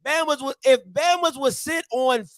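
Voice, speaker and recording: Man hosting, high voice, dry close sound, animated rant, repeats himself. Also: moderate pace, no room sound. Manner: ranting, repetitive, mocking put-on voices. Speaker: show host. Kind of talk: animated morning-show rant.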